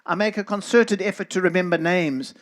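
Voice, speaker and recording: A middle-aged man with a South African accent speaks to a congregation in an earnest, preacherly way. His voice sits fairly high for a man, and he turns now and then to address people in the room by name. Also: a little fast. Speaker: guest speaker. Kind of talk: church talk to a congregation.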